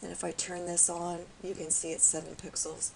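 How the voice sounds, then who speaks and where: Tutorial host: woman, low gravelly voice, raspy, patient and explanatory, faint background hiss. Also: moderate pace, low-quality recording. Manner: calm, explanatory, with frequent fillers. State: raspy voice today. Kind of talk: step-by-step screen tutorial.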